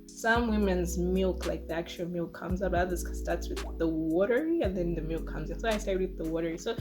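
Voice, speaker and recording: A woman in her twenties telling a personal story to camera in a casual, chatty way, full of fillers and lively re-enactments. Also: fairly low pitch, brisk, over music. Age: 20s. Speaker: vlogger.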